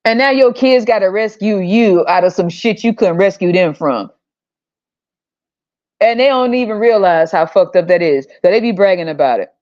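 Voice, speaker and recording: A woman podcast host talks in a blunt, profane rant at a middle pitch. She jumps into shrill, exasperated outbursts. The recording sounds slightly dull and lo-fi. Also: animated, moderate pace, darkish tone. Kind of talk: opinionated rant.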